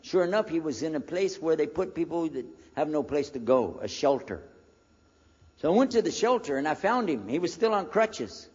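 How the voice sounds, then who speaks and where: A man's voice: a little high, very animated, moderate pace, darkish tone, breathy edge. An older man, a former preacher, telling his conversion story to an audience in a folksy storytelling manner. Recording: dull lo-fi recording in a reverberant hall.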